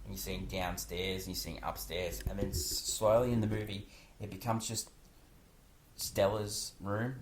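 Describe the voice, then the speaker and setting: A deep-voiced man talks through a film's plot in a casual, rambling way. He restarts sentences and leans on fillers as he chats with his co-host. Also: level tone, moderate pace, background noise. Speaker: podcast co-host. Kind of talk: casual film discussion.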